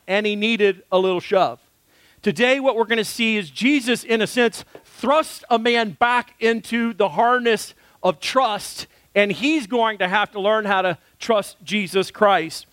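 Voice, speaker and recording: Brief: male pastor, high voice, dry close sound, chatty storytelling sermon with ums and uhs. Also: a bit bright, no echo. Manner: conversational, frequent fillers.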